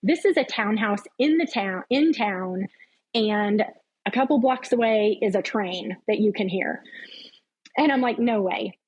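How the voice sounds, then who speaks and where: Middle-aged woman, podcast guest, unhurried heartfelt testimony with a husky edge. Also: medium pitch, animated, darkish tone, dull audio. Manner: earnest, heartfelt storytelling. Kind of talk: personal faith testimony.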